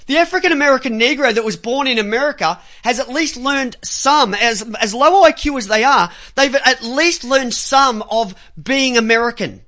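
A man hosting a radio talk show, ranting angrily and profanely, mocking others and breaking into shouts. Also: extremely high pitch. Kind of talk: angry radio rant.

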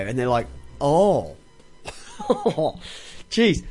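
A man's voice: fairly high pitch, moderate pace, faint music behind. A middle-aged Australian man hosting a radio talk show, rambling and swearing with many fillers and restarts.

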